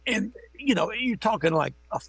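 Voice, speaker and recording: A man's voice: high-pitched, expressive, moderate pace, creaky, a bit bright, husky, dry recording. A middle-aged man and makeup effects artist, a guest on a remote call, telling rambling, profane anecdotes full of fillers. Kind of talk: casual interview storytelling.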